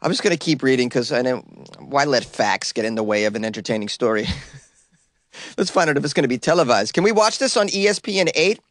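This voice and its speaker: A man hosting a comedy news podcast, cracking jokes and riffing between readings. His voice sits at an ordinary middle pitch. The sound is very dry and close, as in a small closet. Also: animated, fairly quick, fairly bright tone, no room sound. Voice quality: jokey, riffs and laughs at his own lines. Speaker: podcast host.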